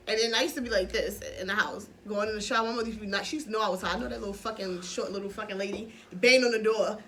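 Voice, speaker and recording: A woman co-hosting a podcast, telling animated, profane stories in casual chat, laughing often. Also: mid-range voice, rapid-fire, few pauses, a little hiss or hum. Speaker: podcast co-host.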